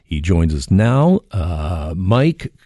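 A man hosts a radio talk show, his voice lower than most and swinging widely in pitch. He jokes and restarts his sentences, and the studio sound is dry and close. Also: extremely slow, no echo. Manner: animated, jokey, lots of restarts.

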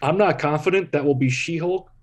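A man's voice: fairly high pitch, a little fast. A man on a casual film chat panel who talks animatedly, laughs often and stammers through restarts.

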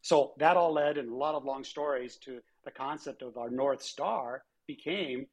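A man's voice: mid-range voice, moderate pace. A man, a former airline chief executive, telling anecdotes in an interview and acting out the dialogue he quotes. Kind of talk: conversational storytelling interview.

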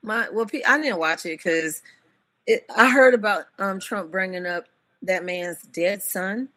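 A woman in her fifties telling stories as an interview guest, animated and often laughing. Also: mid-range voice, measured pace. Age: 50s. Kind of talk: casual interview chat.

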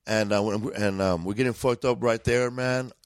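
Slangy, profane LA comedian. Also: male voice, on the low side, steady tone, moderate pace, no echo. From East Los Angeles. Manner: profane, laid-back, drawling street slang. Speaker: guest comedian. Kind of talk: casual storytelling.

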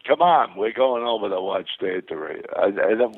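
Excitement drives this older man's rambling storytelling as he shares long anecdotes as an interview guest, his gravelly mid-pitched voice stumbling over restarts and repeated words. He speaks briskly, and the recording sounds dry and thin, phone-like, with no room sound.

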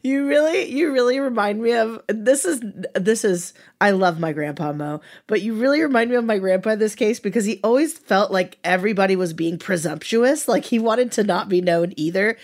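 A woman on a podcast shares a fond story about a relative. Her voice sits at a middle pitch. Her talk is easy and chatty. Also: fairly quick, hardly any pauses, darkish tone. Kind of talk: casual chat.

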